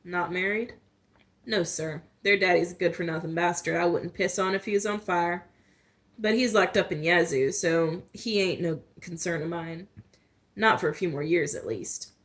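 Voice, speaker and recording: A woman's voice: fairly low pitch, moderate pace, a bit bright, natural voice. A woman reading a story aloud, voicing a young woman putting on a thick, sweet Southern country drawl. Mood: sugary.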